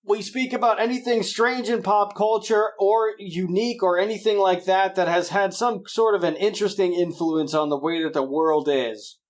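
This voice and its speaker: A man's voice: high-pitched, fairly even intonation, moderate pace, few pauses. A young man hosting a podcast in a rambling, jokey, self-deprecating way. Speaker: podcast host. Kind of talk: casual podcast chat.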